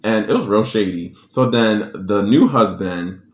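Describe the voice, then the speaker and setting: Man reviewer, deep-ish voice, sassy slang-heavy recap delivery, roomy echo on the mic. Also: unhurried. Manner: sassy, slangy, animated storytelling. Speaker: drama reviewer. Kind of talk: casual recap commentary.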